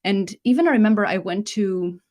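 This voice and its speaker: A middle-aged woman gives a live masterclass in a casual, chatty way. She often restarts her sentences and leans on key words for emphasis. Her pitch sits in an ordinary middle range for a woman. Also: brisk. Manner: chatty, self-correcting, lively emphasis. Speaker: leadership coach hosting a live masterclass.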